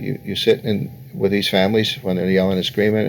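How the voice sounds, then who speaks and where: A man's voice: fairly low pitch, little pitch movement, a little fast, creaky. An older man, a family therapist being interviewed, telling anecdotes and laughing as he talks. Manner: storytelling, voices others in quotes with lots of laughter. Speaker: guest therapist. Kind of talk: interview answers.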